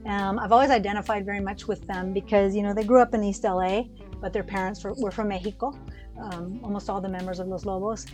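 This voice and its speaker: An American woman co-hosting a podcast tells a personal story in a loose, rambling chat, talking fast in a mid-range voice. She's animated and keeps restarting her sentences, with soft music playing in the background.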